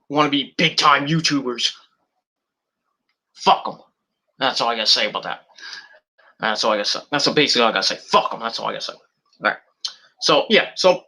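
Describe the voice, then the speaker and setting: A man with a piercing, very bright voice that sits a little high for a man, walking through a wrestling card move by move. He talks casually and rambles. He swears freely and gives his opinions bluntly. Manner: profane, blunt, rambling play-by-play. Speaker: wrestling reviewer. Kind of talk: casual match recap.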